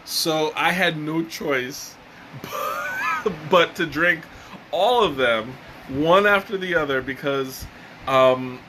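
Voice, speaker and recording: A man casually reviewing a tea on a live stream, halting with many fillers and restarts. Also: fairly high pitch, lively intonation, pushed and bright, a little hiss or hum, poor audio. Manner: hesitant, many fillers and restarts, chuckles often.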